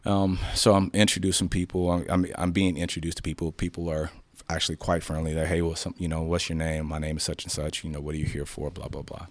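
Talking quickly in a bass voice with no echo, a man who's a police sergeant candidly recounts his story in an interview. He's from the South Side of Chicago and animatedly quotes dialogue, frequently starting over.

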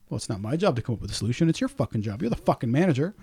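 A man hosting a podcast, telling a story in an animated rant full of swearing and acting out other people's lines. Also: mid-range voice, very fast, slightly rough. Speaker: podcast host.

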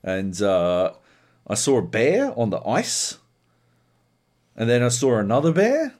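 A man's voice: mid-range voice, slow pace. A swearing man telling game stories. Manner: profane, animated storytelling with lively put-on voices. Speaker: podcast co-host. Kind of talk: casual gaming podcast chat.

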